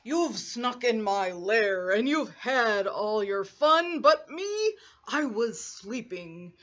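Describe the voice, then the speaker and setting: A woman voicing a big grumpy male bear in a storybook read-aloud, complaining loudly and sounding hurt. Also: on the high side, sing-song, takes it slowly, heavily acted. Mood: aggrieved. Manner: loud, aggrieved complaining. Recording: lo-fi muffled recording.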